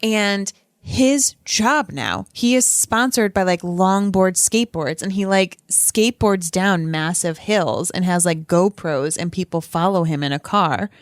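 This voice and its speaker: A woman's voice: fairly low pitch, measured pace, no room sound, clean studio sound. A woman co-hosting a podcast in casual chat, talking chattily with many fillers. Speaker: podcast co-host.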